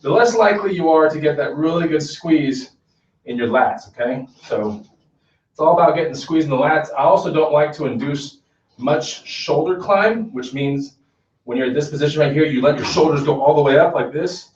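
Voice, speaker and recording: A man's voice: on the high side, expressive, moderate pace, a little mellow. Man coaching from afar in echoey gym. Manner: conversational, checks in with "okay?" often. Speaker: fitness instructor. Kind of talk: casual workout demonstration. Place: gym, indoors. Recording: echoey gym from far off, dull.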